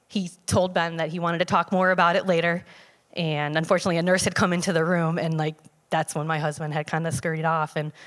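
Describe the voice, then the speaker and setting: A woman telling a personal testimony to a church congregation in a conversational, halting way, with frequent fillers and restarts. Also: lowish voice. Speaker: church member giving a testimony. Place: church sanctuary. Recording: long hall reverb.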